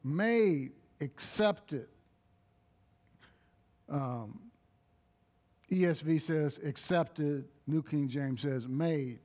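Guy preaching real slow and emphatic, kinda high voice, throws in praise lines. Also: dark tone. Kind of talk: sermon.

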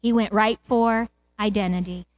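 A woman's voice: mid-range voice, fairly even intonation, moderate pace, muffled recording. A middle-aged woman preaching a sermon, retelling a parable with impassioned swells and cries of praise.

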